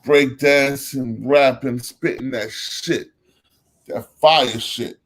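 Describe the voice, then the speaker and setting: A man's voice: medium pitch, slow pace, fairly bright tone. A man with a New Jersey accent, a host giving a casual monologue, calling out names and repeating his phrases for emphasis. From Elizabeth, New Jersey.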